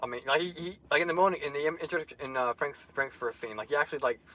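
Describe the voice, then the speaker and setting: A man's voice: fairly high pitch, rapid-fire, pushed and bright. A man co-hosting a casual movie review chat, ranting and swearing a lot. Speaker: co-host.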